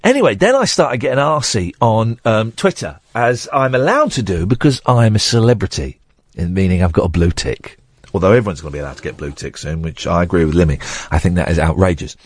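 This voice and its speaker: Rambling radio host, lively pitch. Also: male voice, a little fast, slightly rough, no echo, clean studio sound. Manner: rambling, self-deprecating storytelling with many restarts. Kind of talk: late-night radio monologue.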